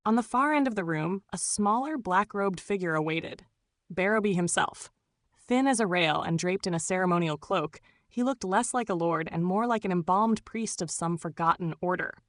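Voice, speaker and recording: Woman audiobook narrator, low, steady, dry close sound. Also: normal speed, dry recording. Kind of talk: scripted first-person narration.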